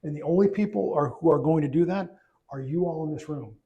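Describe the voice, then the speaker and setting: A middle-aged man, a trade association chief, speaking at a luncheon in a relaxed conversational way with frequent restarts and fillers. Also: a little high, a little fast, lo-fi sound. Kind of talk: luncheon speech. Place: banquet room.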